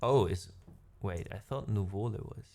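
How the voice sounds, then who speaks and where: At a normal speed, this man talks in a darkish voice on the low side. He's a non-native English-speaking music streamer chatting casually with livestream viewers between piano pieces, rambling, self-correcting, and laughing frequently.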